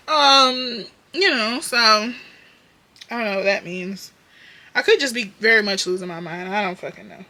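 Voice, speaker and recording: A woman's voice: medium pitch, moderate pace. Candid, foul-mouthed woman vlogger. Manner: candid, profane, talks straight to viewers; drops into muttered whispers then bursts loud. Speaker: beauty vlogger. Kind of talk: casual chat while doing makeup.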